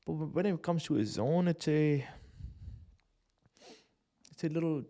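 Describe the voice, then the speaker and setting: A fairly high-voiced man with plenty of grit and fry in his speech talks through live charts. He is a day-trading mentor on a stream, casual and slangy, dropping swear words and laughing along the way. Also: measured pace, dark tone.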